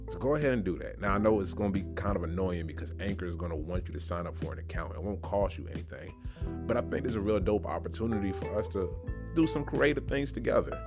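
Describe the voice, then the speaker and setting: Playful low-voiced man hosting Bible talk. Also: animated, fast talker. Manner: playful, slangy, emphatic. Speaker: podcast host. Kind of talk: casual Bible podcast talk. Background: background music.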